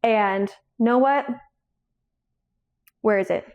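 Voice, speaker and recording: A woman's voice: fairly high pitch, slow pace, darkish tone, dull audio. A young woman chatting casually about her books, rambling, swearing freely and laughing often, tearful and shaky. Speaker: book vlogger. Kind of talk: casual chat.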